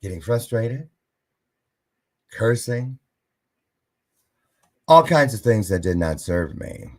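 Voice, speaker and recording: A man's voice: on the low side, takes it slowly. A man hosting a live-stream show, telling a story casually and acting out the voices of the people in it. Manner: animated, acts out quoted voices.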